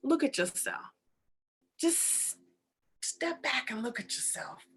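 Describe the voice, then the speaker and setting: A woman voicing God as a calm, patient male deity who gives quiet, unhurried commands. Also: high voice, exaggerated voice.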